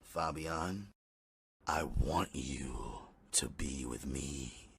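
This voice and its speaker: A tough, gruff boxer with a soft spot, played by a man. His low, husky voice drawls teasing slang and rises and falls with lively swings. He sounds rough but affectionate. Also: normal speed, heavily acted. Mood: tender.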